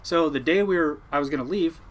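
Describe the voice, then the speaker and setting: A man's voice: fairly high pitch, brisk, a little hiss or hum. A young man, a commercial fisherman from the Oregon coast, telling a story in a casual interview and acting out the other people's voices as he goes. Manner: animated storyteller, acts out quoted voices.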